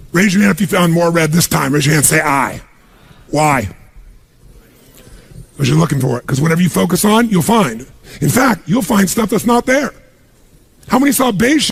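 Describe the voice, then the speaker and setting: A motivational speaker with a high, creaky, slightly rough male voice delivers an emphatic seminar talk to a live audience in a large room. He drives them on with repeated commands.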